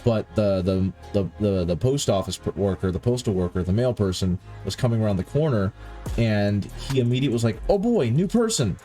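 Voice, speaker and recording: A man's voice: lowish voice, brisk, warm tone, soft background music. A man chatting casually with stream viewers while painting, rambling and correcting himself, sounding tired. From countryside upbringing. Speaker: livestream host painting miniatures.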